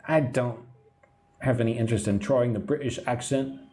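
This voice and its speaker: A man's voice: medium pitch, normal speed, warm tone. A man from Texas with an American accent, teaching English idioms on a live stream and answering viewer comments. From Texas, USA. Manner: patient explaining, reads viewer comments aloud, tag "right?" often.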